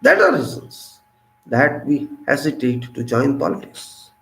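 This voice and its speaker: A man in his fifties with an Indian English accent, giving an impassioned monologue full of rhetorical questions, swinging between loud and soft. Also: mid-range voice, wildly swooping pitch, measured pace, gravelly, roomy sound, low-quality recording. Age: 50s. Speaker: civic commentator.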